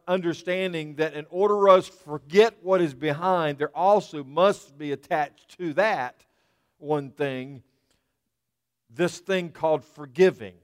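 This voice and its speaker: A pastor preaches a sermon earnestly in a smooth, resonant voice pitched a little high, repeating key words, restarting, and pausing for emphasis. A long reverb makes it sound like a church hall.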